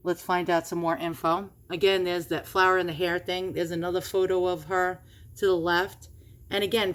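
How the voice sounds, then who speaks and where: Woman with a New York accent, slightly low voice, loose rambling vlog commentary full of asides. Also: a bit bright. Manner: chatty, rambling, many fillers and asides. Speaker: antiques vlogger. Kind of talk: casual screen-share commentary.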